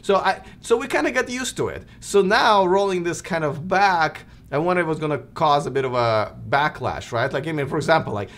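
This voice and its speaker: A man's voice: a little high, expressive, a little fast, few pauses, fairly bright tone. Chatty man with a Russian accent. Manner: chatty, many fillers and restarts. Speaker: host of a live stream show. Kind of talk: casual live-stream chat.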